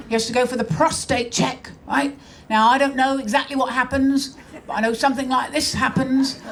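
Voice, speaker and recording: A middle-aged woman performing a stand-up comedy routine in a brash, conversational, mock-exasperated way on a club stage. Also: sits high. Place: comedy club stage before a laughing audience.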